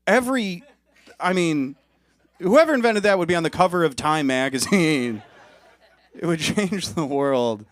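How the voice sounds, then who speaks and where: A man's voice: on the high side, animated, normal speed, dry recording. A man hosting a comedy showcase on a club stage, bantering loosely between acts and hyping up the next comic. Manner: rambling, hype-building banter. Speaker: emcee host.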